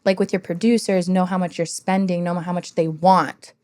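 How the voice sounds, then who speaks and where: Animated woman telling candid stories. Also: on the low side, moderate pace. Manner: animated, swears freely, acts out what others said. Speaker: guest. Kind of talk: candid interview storytelling.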